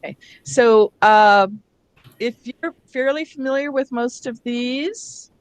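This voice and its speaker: A woman's voice: fairly high pitch, slow pace, smooth, dry recording. A woman training teachers in a casual, conversational lecture, explaining spelling rules with frequent asides. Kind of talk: professional development lecture.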